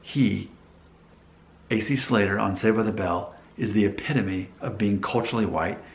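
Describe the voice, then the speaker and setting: Man, low voice, casual vlog talk, rambling with restarts, echoey room. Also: moderate pace. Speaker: vlogger. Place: Nashville.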